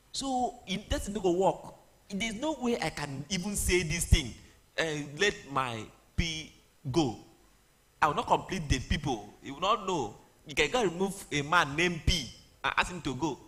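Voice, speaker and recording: A man, retelling a Bible story in a humorous, animated sermon with pidgin asides. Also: a little high, unhurried. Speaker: preacher.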